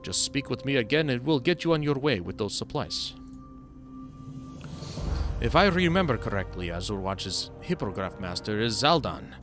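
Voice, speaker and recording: A man's voice: medium pitch, sing-song, normal speed, over music, lightly acted. A man voicing a helpful quest-giver in a fantasy game, reading the dialogue in a plain, friendly way close to his own voice.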